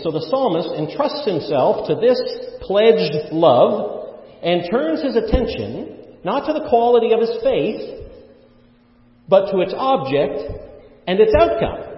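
Man from canada, sermon, fairly high voice, earnest, echoey church hall, muffled sound. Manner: earnest, with many fillers and swings of loudness. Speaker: preacher.

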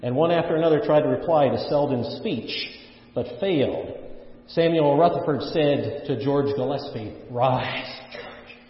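A man from Canada preaching a sermon earnestly, with many fillers and sudden swings of loudness. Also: a little high, normal speed. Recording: echoey hall, dull muffled sound.

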